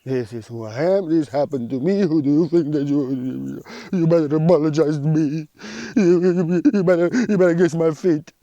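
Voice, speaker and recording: A man voicing a resentful human ego that insists on apologies and praise, loud and indignant. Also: fairly high pitch, normal speed, no echo, dull audio, lightly acted.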